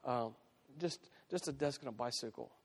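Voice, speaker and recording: In a church sanctuary, a pastor with a medium-pitched voice preaches a sermon at normal speed. He speaks conversationally, often restarting and repeating phrases, and the recording carries the long reverb of a church hall.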